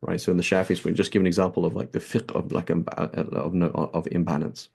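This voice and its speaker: A man delivers a conversational religious lesson in English sprinkled with Arabic terms. His voice is low and mellow with a gravelly fry, and he keeps checking in with his listeners through a rhetorical "right?". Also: little pitch movement, fast. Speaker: Islamic teacher.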